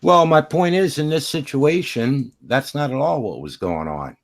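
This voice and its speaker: Combative man with a lively voice. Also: medium pitch, moderate pace. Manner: combative, sarcastic, talks over others. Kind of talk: heated argument.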